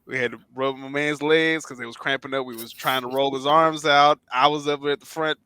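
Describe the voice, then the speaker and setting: A man co-hosting a podcast, telling a long story in casual chat, acting out quotes loudly and swearing freely. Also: mid-range voice, steady tone, a little fast, smooth, no room sound. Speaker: podcast co-host.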